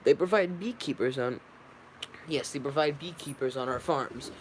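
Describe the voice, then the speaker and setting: A man voicing a nervous male honey farm owner, reading flatly and stumbling. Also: mid-range voice, normal speed, a little hiss or hum, natural voice, poor audio. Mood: curt.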